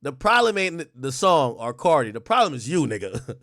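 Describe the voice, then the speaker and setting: A man giving casual, animated commentary on a stream, laughing often and mocking fans in exaggerated voices. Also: medium pitch, moderate pace, no echo, clean studio sound. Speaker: stream co-host. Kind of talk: casual commentary on music and rappers.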